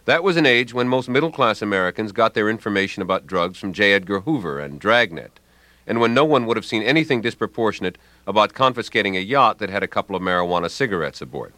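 A man reads a scripted radio commentary with a dry, ironic wit. His pitch rises and falls with lively movement. The studio sound is close and dead, with no room at all. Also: fast talker, dry recording. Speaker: language commentator.

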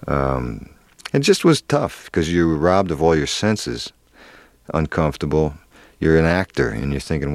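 A middle-aged man with a very low voice recounts a story in an earnest, halting way. He restarts often and leans on fillers. The sound is dry and close. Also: sing-song, dry recording. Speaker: actor guest. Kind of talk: candid interview storytelling.

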